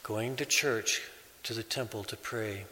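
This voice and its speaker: A priest delivers a sermon in a slow, measured way, pausing between phrases. His voice is slightly low yet bright and forceful. A long church reverb trails behind every word. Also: slight background noise. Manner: slow, measured preaching with pauses.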